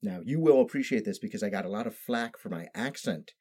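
A man's voice: lowish voice, lively intonation, fast talker, mellow, breathy edge. A man in his thirties, a podcast guest, telling stories in a precise, carefully placed way of speaking with no regional accent. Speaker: podcast guest, improv actor. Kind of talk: casual storytelling chat.

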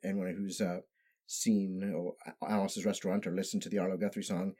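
Speaking fairly quickly in a low, level, dark and husky voice, this thirty-something improv actor is a guest on a podcast. He shares stories in a relaxed storytelling chat, placing each word precisely, without any regional accent.

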